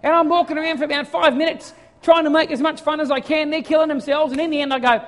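An Australian man in middle age preaches through a personal story with a strikingly high-pitched voice. He moves from lively, animated telling to soft, hushed reflection. His words ring out with a long echo in a large church hall. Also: fast. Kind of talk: storytelling sermon.

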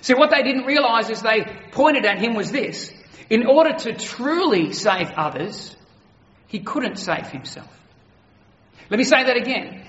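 A pastor preaching an earnest, emphatic sermon, slowing to stress key words. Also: male voice, very high-pitched, lively intonation, fairly bright tone, roomy sound, big-room sound, lo-fi sound.

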